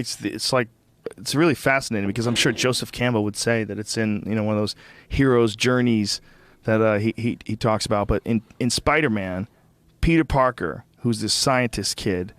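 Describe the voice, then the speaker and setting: A man hosting a casual podcast chat, making dry joking remarks and musing out loud. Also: lowish voice, moderate pace, a little hiss or hum.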